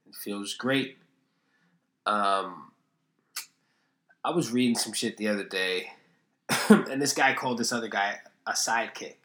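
A man's voice: on the low side, a bit bright, roomy sound. A man hosting a casual solo podcast, rambling and swearing freely while joking at his own expense. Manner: rambling, profane, self-deprecating. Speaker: podcast host.

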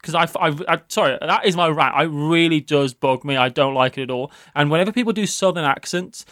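British guy from the west midlands, accent mostly smoothed out, rambly podcast chat, dry close sound. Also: on the high side, fairly bright tone, no room sound. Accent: British, softened West Midlands. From West Midlands, England. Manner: chatty, rambling, quick asides. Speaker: podcast co-host. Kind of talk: casual chat.

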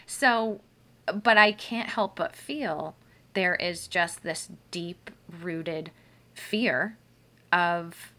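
A woman's voice: on the low side, very slow, bright, forceful tone. A woman hosting a casual chat, telling stories in a loose, chatty way with many fillers.

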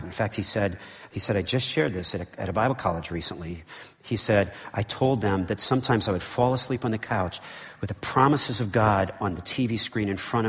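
Male pastor, low voice, emphatic sermon, repeats key lines, long hall reverb. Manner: emphatic preaching with repetitions and asides. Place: church sanctuary.

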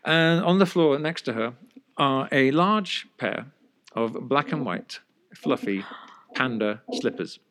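A man's voice: mid-range voice, slow pace. Wry man telling a funny story. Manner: wry, deadpan, chuckling, with casual swearing. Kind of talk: casual anecdotal storytelling.

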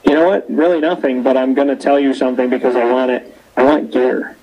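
A young man hosting a casual interview show, telling stories with animated quoting. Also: medium pitch, a little fast, dull audio. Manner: lively storyteller, animated quoting. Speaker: show host. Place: cold rink-side spot, outdoors or arena.

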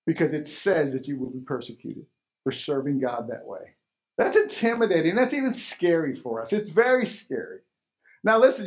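A man preaching a sermon as pastor, emphatic, asking rhetorical questions and repeating key phrases. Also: high voice.

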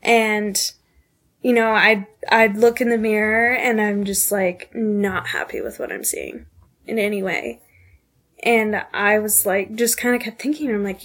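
A woman in her twenties from the southeastern United States, a podcast guest sharing a candid personal story, earnest and halting, with many pauses and fillers. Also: mid-range voice, fairly bright tone.

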